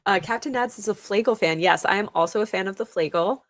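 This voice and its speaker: A young woman hosting a livestream, chatting casually as she reads out viewer comments, laughing often and filling pauses with ums. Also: medium pitch. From New York State. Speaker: livestream host.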